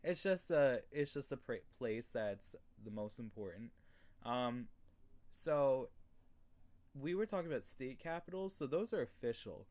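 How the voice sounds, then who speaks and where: A young man from New York State tutoring English in a casual lesson, relaxed, with many fillers and throat clearing. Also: medium pitch, measured pace. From New York State, USA.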